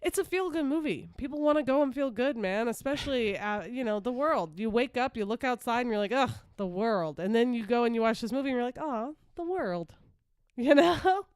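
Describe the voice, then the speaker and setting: A woman talks through a podcast segment in loose, rambling casual chat, leaning on fillers as she goes. Her voice is smooth and clear, recorded close and dry. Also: on the high side, lively intonation, quick pace, few pauses, a little mellow, dry recording. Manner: chatty, rambling, filler-heavy. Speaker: podcast co-host.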